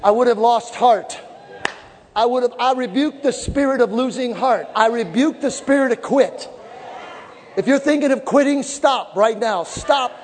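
A man preaching a sermon with fervent shouting and call-and-response to the congregation, recorded in a large church hall. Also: very high-pitched, moderate pace. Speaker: pastor. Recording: echoey hall with live congregation.

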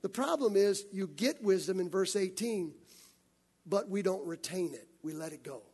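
Brief: male pastor, husky, high voice, lively sermon storytelling. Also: normal speed. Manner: animated storytelling, acting out scenes.

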